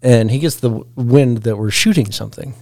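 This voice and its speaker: A man's voice: medium pitch, a little fast, a little mellow, no echo, studio quality. A man telling a rambling, laughing story as a podcast guest, in a casual chat. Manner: laid-back, laughs through his story, rambles with restarts.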